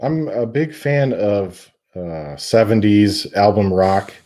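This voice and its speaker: Low, mellow-voiced male podcast guest. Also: lively intonation, slow pace. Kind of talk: casual podcast chat. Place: home in Ireland, remote call.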